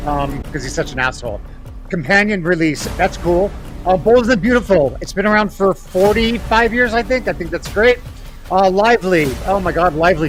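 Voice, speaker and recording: A man on a comedy panel giving blunt, relaxed opinions one after another. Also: fairly high pitch. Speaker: panel guest. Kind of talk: casual comedic hot takes.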